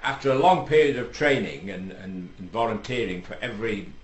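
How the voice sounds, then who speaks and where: A man's voice: on the low side, brisk. A British man telling a long comic shaggy-dog story on stage, rambling with many ums and restarts. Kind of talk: stand-up joke telling. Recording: echoey room, faint noise.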